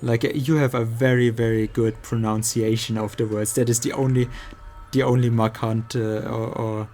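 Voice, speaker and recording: A man with a strong German accent, speaking English as a second language, chats casually while he plays a game. His voice is gravelly and mellow, and he pauses often, feeling around for the right words. The delivery is easygoing and unhurried. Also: mid-range voice, little pitch movement, soft background music. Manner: halting, searching for words. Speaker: streamer. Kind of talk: casual chat while gaming.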